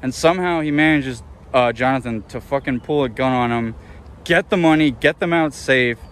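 A man's voice: medium pitch, moderate pace, a bit bright. A man hosting a casual, profane, rambling movie review outdoors. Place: outdoors in an urban area.

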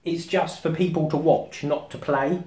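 A man, vlogging casually as he sets up VR at home and talks to himself excitedly. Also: a little high, moderate pace, recorded from a distance. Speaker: tech vlogger. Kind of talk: casual vlog commentary while setting up VR. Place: house with rooms on two floors. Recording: roomy home room, voice often off-mic.

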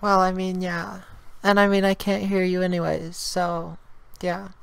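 A man's voice: high voice, little pitch movement, measured pace, vocal fry, a bit bright, smooth, no echo, exaggerated voice. A man voicing a friendly young woman on a video chat who fills her talk with "like". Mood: chatty. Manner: chatty, peppered with "like".

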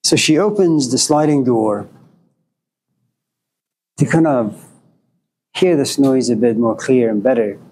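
A man giving a storytelling lecture to a class, wry and joking, in an unhurried way. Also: mid-range voice, a little mellow. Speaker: philosophy lecturer.

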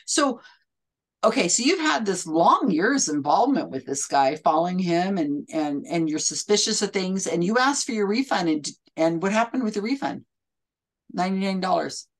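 A woman's voice: fairly low pitch, moderate pace. Chatty woman host telling stories. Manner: animated storytelling, acts out quotes. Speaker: podcast host. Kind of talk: casual chat.

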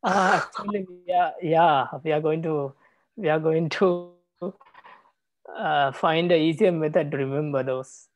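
A male monk leads a language lesson at an unhurried pace, repeating example words so students can hold on to them. His speech is halting and gentle, full of small pauses. The sound is dry and close, with no room echo. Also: a little high. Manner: patient, repeats words, many hesitations. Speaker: Buddhist monk teaching Pali. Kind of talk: classroom teaching.

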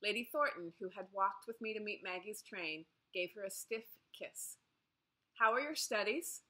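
A woman narrating a novel in the first person, steady and clear. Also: mid-range voice, moderate pace. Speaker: audiobook narrator.

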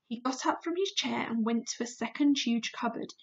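A woman teacher reading a children's book aloud, slow and expressive. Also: a little high, vocal fry, husky, highs cut off. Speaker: primary school teacher.

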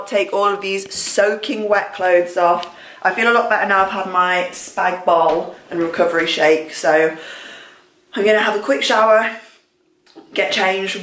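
A young woman talks casually to camera in a vlog, chatty and upbeat. Her pitch sits in the middle for a woman, and at times she is breathless. A faint hiss lies under her voice. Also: fairly bright tone, poor audio. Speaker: cycling vlogger.

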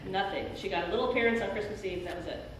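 A middle-aged woman pastor preaches an earnest, emphatic sermon in a church sanctuary, speaking very fast in a mid-range voice. The recording carries a slight hiss or hum and sounds very echoey, with her far from the mic in the church hall.

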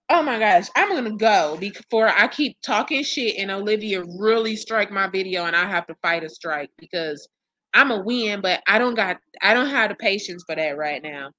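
A woman's voice: mid-range voice, expressive, normal speed, pushed and bright, no echo. A woman hosting casual commentary for her viewers, blunt, profane and exasperated as she gossips. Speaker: commentary channel host.

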